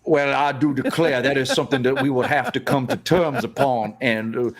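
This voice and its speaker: A man playing a pompous Southern gentleman with a Southern US accent, speaking in a florid, formal way. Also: medium pitch, moderate pace, lightly acted. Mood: grandiose.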